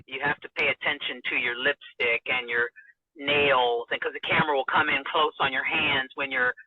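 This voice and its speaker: A woman broadcaster telling a personal story in an interview, animated and emotional. She laughs often and acts out the dialogue. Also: rumbling low, normal speed, no echo. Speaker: radio and TV broadcaster, interview guest. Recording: dry, narrow phone-like sound.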